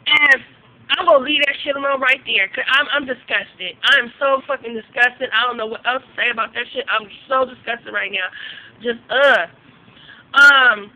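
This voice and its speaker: A woman's voice: high voice, dull audio. A young woman giving blunt, profane gossip reviews as a vlog host, talking casually and getting outraged.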